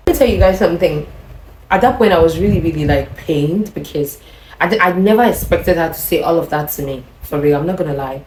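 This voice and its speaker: A Nigerian woman telling a personal relationship story to her viewers in an animated way, often talking to them directly. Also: low-pitched, a little fast, a little hiss or hum. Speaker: vlogger. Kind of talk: storytime monologue. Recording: roomy echo.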